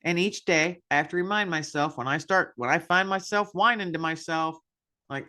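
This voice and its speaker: Brief: woman podcast host, candid self-deprecating monologue, bright forward tone. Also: fairly low pitch, moderate pace. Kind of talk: personal reflection monologue.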